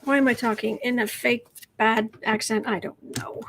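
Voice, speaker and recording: A woman's voice: fairly high pitch, fairly even intonation, normal speed, vocal fry, a bit bright. A woman doing a casual tarot reading on a livestream, chatty and rambling, sometimes dropping into whispered asides. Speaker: tarot reader.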